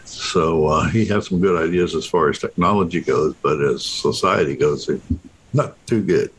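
A man, a panel guest, speaking in a plain, measured way. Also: sits low, husky. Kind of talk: casual panel chat.

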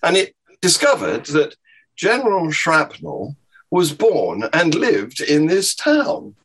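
A man's voice: fairly high pitch, wildly swooping pitch, takes it slowly, a bit bright, breathy edge, poor audio. A man from the UK, a panel guest, telling a story with hesitant restarts. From United Kingdom. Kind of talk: casual panel chat.

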